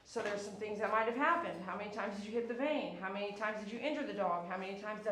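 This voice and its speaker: A woman's voice: mid-range voice, brisk. A woman dog groomer giving a chatty, instructive grooming tutorial and sometimes cooing to the dog she works on. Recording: echoey room, faint background noise.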